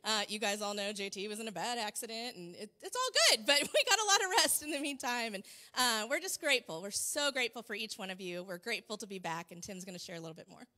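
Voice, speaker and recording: A woman on the church staff giving announcements and leading a prayer, bubbly and quick to laugh, recorded in a church sanctuary. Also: mid-range voice, lively intonation. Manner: warm and bubbly, laughs often. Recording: long reverb of a church hall.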